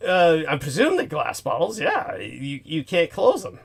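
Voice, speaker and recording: Male host, slightly high voice, rambling casual storyteller. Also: wildly swooping pitch, unhurried, creaky, breathy edge. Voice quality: rambling, many restarts. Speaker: podcast host. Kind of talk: casual chat.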